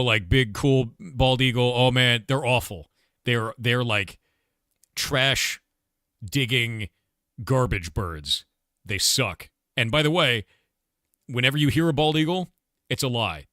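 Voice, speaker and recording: A man's voice: mid-range voice, pushed and bright, no echo, clean studio sound. A man casually chatting with his livestream audience, rambling and blunt, swearing now and then. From United States. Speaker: streamer and game developer.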